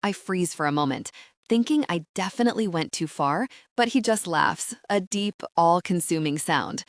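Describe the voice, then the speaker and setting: A woman narrating a romance audiobook in the first person, soft, intimate and breathy. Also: lowish voice, lively intonation, normal speed, no room sound, clean studio sound.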